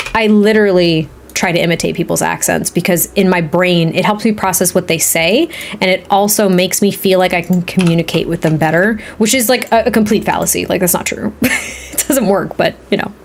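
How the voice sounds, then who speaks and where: A woman live streaming while she builds in a game, chatting and rambling to her viewers and laughing often. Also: fairly low pitch. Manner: talks to chat viewers, reads their comments.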